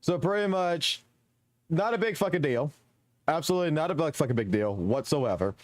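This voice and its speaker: A man's voice: on the high side, animated, brisk, no echo. A male streamer talking casually and profanely while reacting to clips. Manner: offhand, profane muttering.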